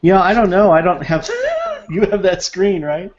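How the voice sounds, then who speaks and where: A man's voice: high-pitched, normal speed, crowd noise. A man co-hosting a casual online hangout, chatty and playful, with frequent restarts. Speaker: video hangout co-host. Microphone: video call. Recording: dull lo-fi video call audio.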